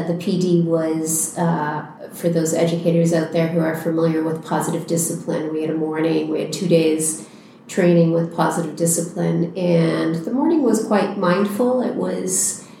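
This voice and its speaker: A woman's voice: lowish voice, mellow, slight background noise. Woman teacher recalling, very echoey room. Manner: reflective, unhurried retelling. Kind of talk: storytelling in a conversation.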